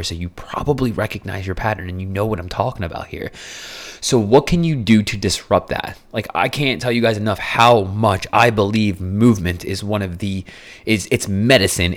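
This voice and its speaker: Blunt, cursing male podcast coach. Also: lowish voice. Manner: blunt and profane, with frequent restarts. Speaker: fitness coach and podcast host. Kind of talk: casual solo podcast monologue.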